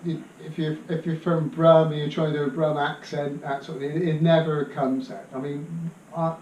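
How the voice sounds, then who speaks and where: A man, a guest answering questions in a hesitant, mild way that trails off softly. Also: fairly high pitch, little pitch movement, moderate pace, lo-fi sound. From Bristol, England. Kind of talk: casual interview chat. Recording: echoey room, distant mic, faint hiss.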